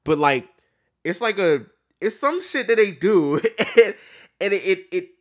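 A man reacting to an album on his video channel, talking to viewers in an excitable, stammering way, swearing freely and laughing often. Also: sits high, measured pace. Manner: talks to viewers while reacting to songs. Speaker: music reaction YouTuber. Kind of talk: casual album reaction vlog.

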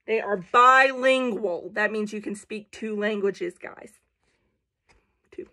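A woman's voice: medium pitch, slow pace, bright, forceful tone. A young woman reading a children's picture book aloud at home, playful, with chatty asides to her viewers. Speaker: storybook reader for children.

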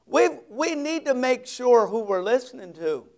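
A male pastor preaching an expository sermon, reading scripture slowly with heavy emphasis and dropping folksy asides. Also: very high-pitched, big pitch swings, darkish tone.

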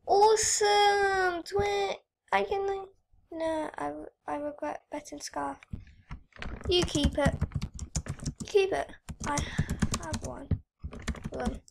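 A teenage girl with a high, light voice talks straight to her viewers. She chats in an excitable, rambling way while she plays an online game. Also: takes it slowly, gravelly, long pauses, a little hiss or hum. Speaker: YouTuber. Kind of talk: casual gaming vlog commentary.

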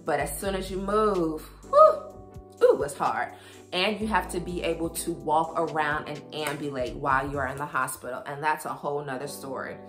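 Chatty, bright-voiced woman vlogger. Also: lowish voice. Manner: chatty, expressive, talks to viewers as girlfriends. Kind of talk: casual storytelling to camera.

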